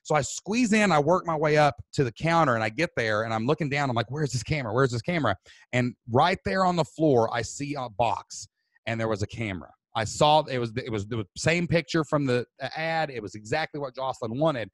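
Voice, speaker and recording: A loud, animated man with a drawl, spinning a story with big bursts of energy. His voice sits at an ordinary middle pitch and sounds close and dry, with no room around it. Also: no room sound. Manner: loud, excitable, fast-moving. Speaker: podcast host.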